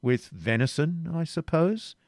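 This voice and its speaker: A man's voice: mid-range voice, lively intonation, moderate pace, darkish tone, no room sound, clean studio sound, lightly acted. A man reading aloud, voicing a bold, jesting medieval king with a hearty, commanding manner. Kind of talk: audiobook reading.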